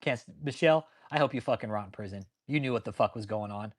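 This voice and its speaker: A man hosting his own channel, ranting angrily and swearing nonstop, pausing to answer viewers in the live chat. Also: lowish voice. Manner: angry, swears constantly. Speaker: channel host. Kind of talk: profane ranting commentary with live chat replies.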